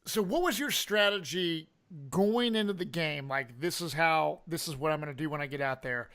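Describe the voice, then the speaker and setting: A man's voice: a little high, moderate pace, a bit bright. A man co-hosting a podcast, asking questions in a laid-back way and swearing casually. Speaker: podcast co-host.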